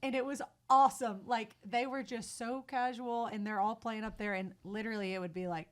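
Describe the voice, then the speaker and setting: A woman's voice: a little high, steady tone, a little fast. Chatty young woman. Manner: chatty, laughs often, acts out quotes. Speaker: guest singer-songwriter. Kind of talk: casual podcast chat.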